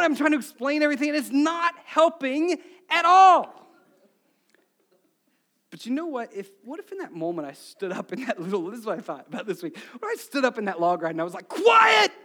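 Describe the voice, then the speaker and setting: High-voiced preacher, hushed to shouting. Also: male voice. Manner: animated storytelling, swings from hushed to shouting. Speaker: pastor. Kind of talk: sermon.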